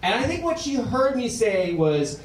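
A man doing stand-up, telling a story in animated bursts that drop to quiet menace and rise to shouted punchlines. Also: very high voice, moderate pace. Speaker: stand-up comedian. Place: comedy club stage with audience laughing. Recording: roomy live club recording from far off.

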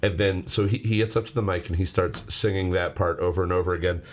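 Man, podcast co-host, casual chat, rambling and profane, lowish voice. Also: fairly even intonation, fast. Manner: loose, rambling and profane, with many restarts.

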